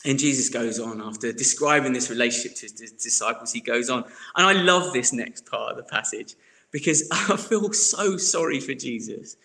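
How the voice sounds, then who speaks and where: A young adult man, preaching a sermon in an earnest way that swings between soft reflection and emphatic bursts. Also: medium pitch, moderate pace, gravelly. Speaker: pastor.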